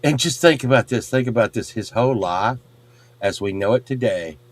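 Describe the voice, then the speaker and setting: A middle-aged man telling a rowdy story in casual chat, swearing and loudly acting out the people in it. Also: mid-range voice, normal speed. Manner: animated, swearing, acts out quotes loudly. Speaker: podcast host.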